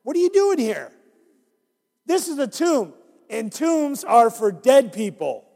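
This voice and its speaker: A man voicing an excited, joyful male angel in a children's story reading. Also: very high voice, takes it slowly, vocal fry, in a large hall, pitched above the performer's own voice, heavily acted. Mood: amazed.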